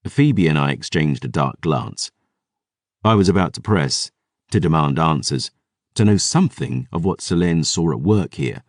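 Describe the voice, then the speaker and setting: A man narrating a dark fantasy audiobook in the first person, wry and gritty. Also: a bass voice, animated, normal speed, no echo, studio quality.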